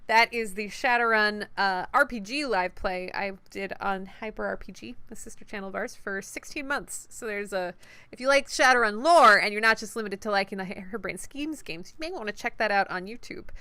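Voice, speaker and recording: Bright, playful woman streamer. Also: medium pitch, a little fast, clear, resonant tone, no room sound. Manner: animated and playful. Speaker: game streamer. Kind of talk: reading game text aloud and chatting to a live stream.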